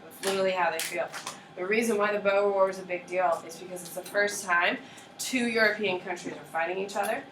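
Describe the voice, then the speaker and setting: A woman history teacher giving a lively classroom lecture, often checking in with her students. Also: medium pitch, brisk, background noise. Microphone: far camera. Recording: roomy classroom audio from a distant camera.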